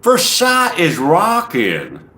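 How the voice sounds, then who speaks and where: A lazy Southern gentleman with a put-on Southern drawl, as a man puts him on, spewing words out slack and unhurried. The voice climbs high and loud and swings widely. A roomy echo hangs around it. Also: wildly swooping pitch, full character voice. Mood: relishing. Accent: put-on American Southern.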